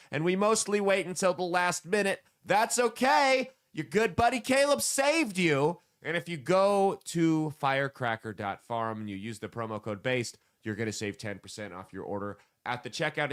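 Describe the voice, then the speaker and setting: A man hosting a casual comedy podcast, joking loosely and throwing in sudden loud bursts. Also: mid-range voice, clean tone. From United States. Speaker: podcast host.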